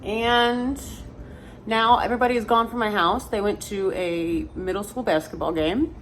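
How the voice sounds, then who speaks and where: A woman in her thirties vlogs from her car in her neighborhood, rambling in casual, self-mocking chat and swearing offhandedly. Her medium-pitched voice moves at a normal speed. The camera mounted in the car picks up a noisy interior full of car and road noise.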